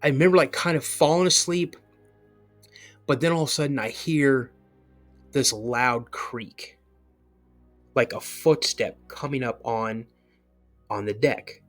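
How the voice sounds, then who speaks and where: A man's voice: medium pitch, unhurried, pauses often, faint music behind. A man, a podcast guest, telling a personal encounter story in a rambling way, full of "you know" and restarts.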